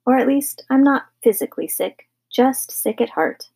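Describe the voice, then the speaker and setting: A woman's voice: sits high, lively intonation, moderate pace, creaky, mellow, husky, pitched above the performer's own voice, exaggerated voice. A woman voicing a grumpy, mournful father in a storybook reading. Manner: mournful, doleful. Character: gloomy, grumpy middle-aged father.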